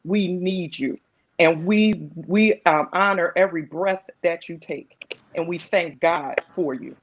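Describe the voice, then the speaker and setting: A woman's voice: fairly low pitch, slow pace, rough recording. A woman on a video call giving a heartfelt spoken tribute, impassioned and building emphasis by repeating phrases. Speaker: guest speaker.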